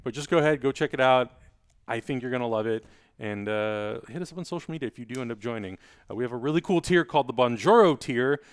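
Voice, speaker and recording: A man hosting a casual podcast chat, talking quickly and energetically as he plugs the show. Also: medium pitch, clear, resonant tone, dry recording. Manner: fast, energetic plugging. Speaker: podcast host.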